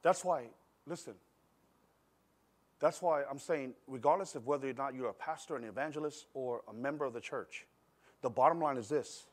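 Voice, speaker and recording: A middle-aged man preaching a sermon in a church service, telling a personal story in a conversational, animated way and swinging between quiet and loud. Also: medium pitch, moderate pace. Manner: animated, conversational, acts out scenes with shifting loudness. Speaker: pastor.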